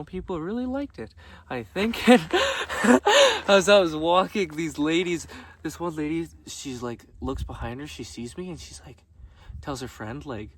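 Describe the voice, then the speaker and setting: Lively, laughing young man recorded from afar. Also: on the high side. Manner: chatty, laughs often, swears freely. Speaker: vlogger. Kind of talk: casual storytelling. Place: outdoors on a gravel road. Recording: distant mic with faint background noise.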